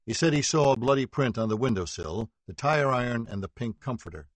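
A man reading a true-crime audiobook as narrator, steady and even, voicing quoted dialogue lightly. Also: mid-range voice, fairly quick, no echo. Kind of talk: scripted narration.

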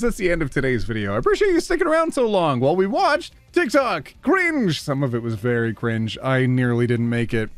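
A woman's voice: low-pitched, dry recording. A woman hosting a casual reaction video, laughing often and reacting to clips.

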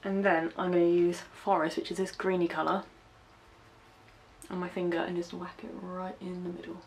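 A fairly low, darkish voice with a level tone and normal speed belongs to a young woman from the West Country whose accent is light. Working through a makeup tutorial, she keeps things casual and narrates each step with self-deprecating comments.

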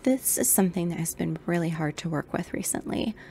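Low gravelly-voiced woman, earnest. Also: animated, brisk, mellow, slight background noise. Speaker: knitting vlogger. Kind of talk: personal talk while knitting.

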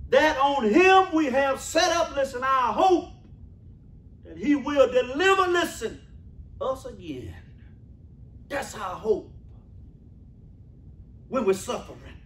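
A man preaching a sermon in a church, calling out to the congregation and repeating his phrases, swinging from shouts to hushed asides. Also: very high-pitched, sing-song, takes it slowly, long pauses, roomy sound, recorded from a distance. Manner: calls out to the congregation. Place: church sanctuary.

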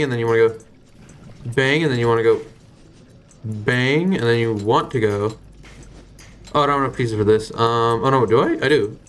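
A young man giving live gameplay commentary as a streamer, excitable, swearing and thinking out loud as he plays. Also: mid-range voice, clean tone.

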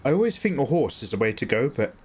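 A man streaming a game, talking to his viewers in a playful, joking way. His pitch leaps up and down a lot as he reacts. There is a faint noise under his voice. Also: sing-song, fast talker, darkish tone. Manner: joking, teasing, chats back to viewers. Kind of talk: live gameplay commentary.

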